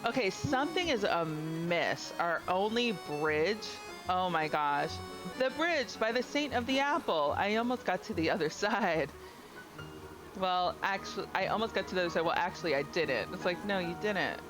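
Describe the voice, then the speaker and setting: A woman hosting a let's-play, chatty and expressive, swearing casually as she comments on the game. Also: fairly low pitch, normal speed, music in the background, low-quality recording. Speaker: gaming channel host.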